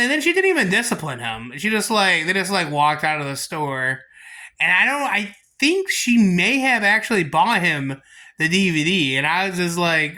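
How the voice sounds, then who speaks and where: A young man tells a story to his viewers in a casual, rambling way, restarting his sentences often. His voice sits high and has a bright, forceful edge. He sounds animated as he tells it. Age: young adult. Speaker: storytime vlogger.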